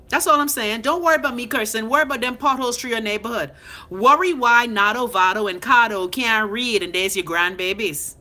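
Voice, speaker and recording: At a moderate pace and fairly high pitch, this thirty-something Bahamian-accented woman reads out viewer comments during a casual live chat. Her talk is an unfiltered rant, blunt, profane, and animated, as she fires back at commenters.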